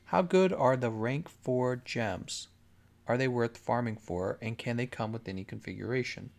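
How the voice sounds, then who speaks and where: A man's voice: medium pitch, normal speed, creaky. A man streaming a game live, in casual commentary, reading chat questions aloud and musing on his answers in a laid-back way.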